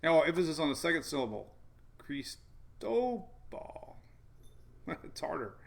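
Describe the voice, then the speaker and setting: A man with a gravelly, creaky voice chats loosely through a weather stream. He rambles, chuckles often and answers viewers by name as he works through the maps. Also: a little high, quick pace. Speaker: weather show host. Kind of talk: casual livestream weather talk.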